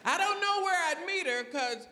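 An older woman doing a slow, dry stand-up routine. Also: extremely high pitch, animated, pushed and bright, a little hiss or hum. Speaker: stand-up comedian. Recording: echoey hall with audience.

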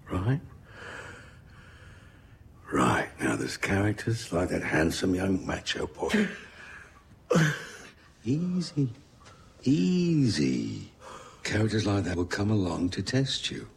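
A man voicing a cold, composed man who talks slowly and calmly to soothe someone. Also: low-pitched, vocal fry, slight background noise, heavily acted. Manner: slow, calm, intimate.

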